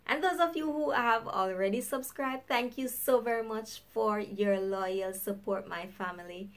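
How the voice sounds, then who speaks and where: A woman from Jamaica with a Jamaican accent, talking straight to her viewers as a vlog host. Her voice sits a touch high, and her manner is upbeat and chatty, with frequent laughs. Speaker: YouTuber host. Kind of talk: casual vlog chat.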